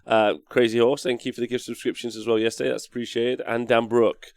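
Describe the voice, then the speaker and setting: A man hosting a live-streamed show, talking in a rambling, energetic way with a hoarse, worn-out voice as he reads out chat messages. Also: medium pitch, quick pace, no echo, clean studio sound. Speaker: host.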